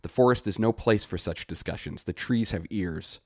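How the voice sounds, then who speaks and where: A man reading a short story aloud and voicing a wary village herb woman who scolds in hushed tones. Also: on the low side, normal speed, dry recording, studio quality, close to an everyday voice. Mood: urgent, scolding.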